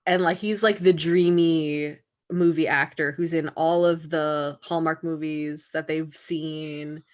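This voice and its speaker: A woman's voice: low voice, steady tone, slow pace. A woman co-hosting a podcast, chatting casually, blunt and joking, often laughing. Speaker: podcast co-host. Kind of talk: casual chat.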